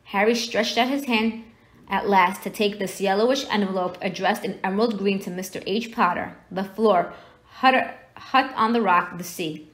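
A woman reading a novel aloud, narrating the story in a steady storytelling manner. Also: mid-range voice, normal speed. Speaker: reader.

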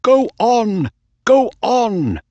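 A man voicing an excitable racehorse owner in a storybook reading, crying out loudly as his horse runs. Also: mid-range voice, very slow, dry recording, lo-fi sound, voice pushed up, heavily acted. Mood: thrilled. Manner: loud, excited cries. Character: excitable male racehorse owner, cold then thrilled.

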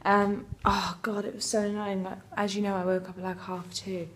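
A woman's voice: medium pitch, little pitch movement, moderate pace, a little hiss or hum. Chatty young woman vlogging. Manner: chatty, rambling, lots of fillers. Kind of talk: casual chat to camera.

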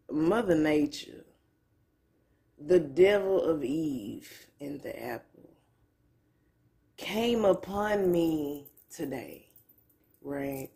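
Sitting on her couch at home, a woman talks casually to the camera in a lowish, darkish voice. She is candid, loose and profane, drawling with her own way of talking, and she is in pain and close to tears.

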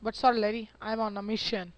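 A man giving casual gameplay commentary, excitable and talking to himself as he plays. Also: high voice, fast, dry recording. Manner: excitable, yelps and talks to himself while playing. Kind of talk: casual let's-play commentary.

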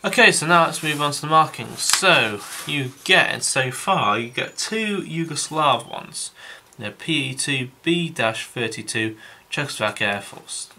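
A man's voice: mid-range voice, expressive, measured pace, pushed and bright, a little hiss or hum. A man giving a casual, rambling review of a model kit, thinking aloud with frequent restarts and calling his viewers guys.

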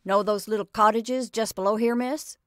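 A woman's voice: on the high side, fairly even intonation, moderate pace, a bit bright, no echo, clean studio sound, natural voice. Brief: a woman doing a gossipy tradesman savouring his story, in her own register. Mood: relishing. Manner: chatty, relishing. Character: gossiping male delivery man, relishing bad news. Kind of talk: storybook reading.

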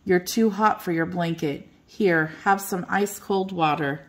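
A woman's voice: on the low side, unhurried, close to an everyday voice. A woman doing a sulky young stable boy. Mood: cheerful.

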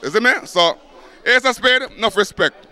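A man with a Jamaican accent giving hype shout-outs in patois at a party he helped organize. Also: high voice, expressive, normal speed.

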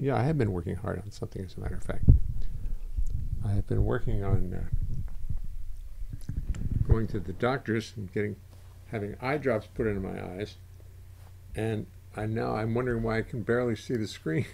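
A man's voice: on the low side, normal speed, creaky, long pauses, a little mellow, slight background noise. An older man hosting a livestream in casual chat, rambling and interrupting himself as he goes. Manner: rambling, self-interrupting, chatty. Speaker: livestream host.

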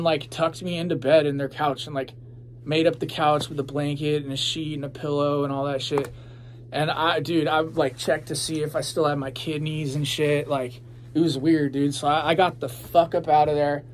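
A man's voice: on the high side, slight background noise. A young man telling his own story in a casual, rambling, profane way, full of fillers.

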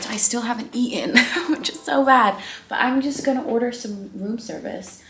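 A woman in her twenties from the Netherlands, chatting candidly in a vlog from a hotel room. She swings between loud exclamations and hushed asides. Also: mid-range voice, fast talker, reverberant, a little hiss or hum. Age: 20s. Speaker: vlogger. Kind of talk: casual candid vlog chat. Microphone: handheld vlog camera.

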